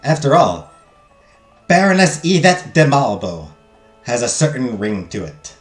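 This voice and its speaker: Animated man reading a text game. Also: mid-range voice, measured pace, long pauses. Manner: jokey, self-deprecating asides between narration. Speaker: streamer playing a text game. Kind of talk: let's play, reading game text and chatting with viewers. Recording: roomy echo, faint game music.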